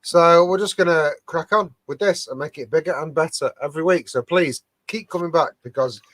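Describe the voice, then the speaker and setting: A man's voice: fairly high pitch, a little fast, fairly bright tone, dry recording. A man co-hosting a rowdy show among friends, giving a sweary, rambling sign-off full of fillers. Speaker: podcast co-host.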